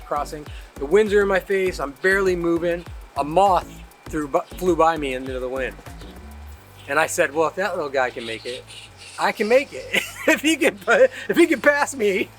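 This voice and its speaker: A man's voice: a little high, fairly bright tone. A middle-aged man, a paddler, telling emphatic, reflective stories about long-distance ocean racing. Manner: emphatic, reflective, laughs mid-story. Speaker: interviewee, paddler. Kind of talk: animated storytelling.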